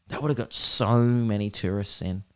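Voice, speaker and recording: Smooth-voiced Australian comedian man. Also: lowish voice, moderate pace. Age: young adult. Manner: rambling, joking, swears freely. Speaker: podcast host. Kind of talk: casual comedic chat.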